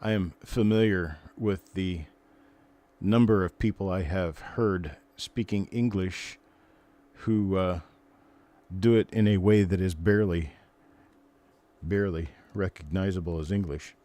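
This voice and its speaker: Older male stream host with a deep voice, chatty and rambling, talking casually to viewers. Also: steady tone, measured pace, warm tone. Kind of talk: casual live stream chat.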